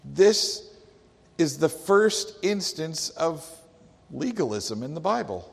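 A man's voice: a little high, very animated, slow pace, gravelly, breathy edge. A male pastor preaching a sermon with emphatic delivery, quoting scripture. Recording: long hall reverb.

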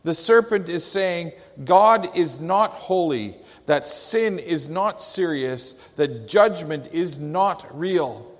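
A man's voice: a little high, animated, slow pace, hardly any pauses. A male pastor preaching a sermon with emphatic delivery, quoting scripture. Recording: long hall reverb.

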